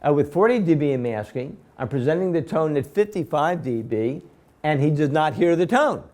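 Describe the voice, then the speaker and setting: A man with a slightly high voice lectures his class. He explains each step methodically and repeats himself for emphasis. He keeps stopping to quiz his students with quick questions. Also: expressive, darkish tone. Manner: quizzing students with rhetorical questions. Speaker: instructor.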